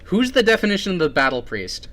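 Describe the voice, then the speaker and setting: A man's voice: high voice, very animated, fast talker, a bit bright. A young man hosting a casual livestream while drawing, talking in a goofy way and slipping into a silly put-on accent. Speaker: livestream host.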